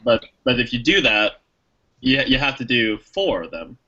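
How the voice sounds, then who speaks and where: In a casual movie review chat, a male podcast co-host rambles with restarts and fillers, acting out lines he quotes. His mid-range voice is sing-song and sharp-toned at a moderate pace. The lo-fi sound carries a little hiss or hum.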